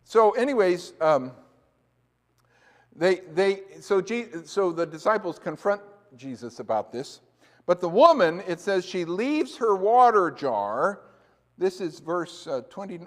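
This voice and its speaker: A man's voice: high-pitched, very animated, a little slow. A man preaching a sermon as a pastor, talking conversationally and asking the congregation questions. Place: church. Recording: echoey church hall.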